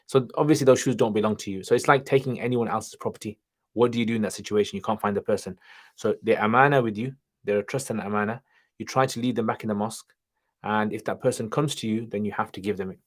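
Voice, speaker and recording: Fairly low-pitched and quick, a man hosts an informal livestream, reading audience questions and responding offhandedly, with Arabic greetings and religious terms mixed in. He studied nine years in Pakistan and is now based in England.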